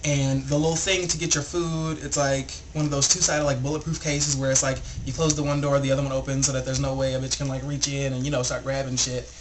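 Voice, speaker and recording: A young man vlogging a rambling, animated story, packed with filler words. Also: medium pitch, fast talker, few pauses, noisy background. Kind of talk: casual storytelling vlog.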